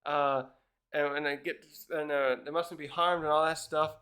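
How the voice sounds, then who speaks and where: A man's voice: a little high, level tone, normal speed, bright, forceful tone, clear, resonant tone. A man casually reviewing a comic chapter, rambling with many fillers and restarts. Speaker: manga reviewer.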